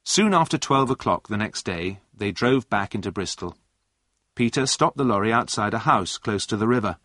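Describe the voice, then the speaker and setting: A man reading a storybook aloud in clear, scripted narration. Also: on the low side, expressive, normal speed, fairly bright tone, dry recording. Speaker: audiobook narrator.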